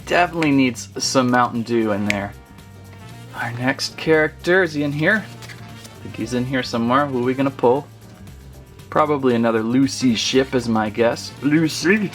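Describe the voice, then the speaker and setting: A man's voice: medium pitch, moderate pace, faint music behind. Chatty man reviewing toys. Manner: chatty, rambling, easily amused. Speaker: toy reviewer. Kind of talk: casual unboxing review.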